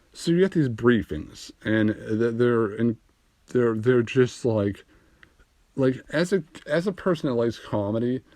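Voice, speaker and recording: A young man rambles through a stand-up comedy bit full of swearing, laughing at his own jokes. His voice sits at an average pitch. The phone recording is dry, with no room sound. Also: darkish tone, no echo. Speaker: amateur comedian.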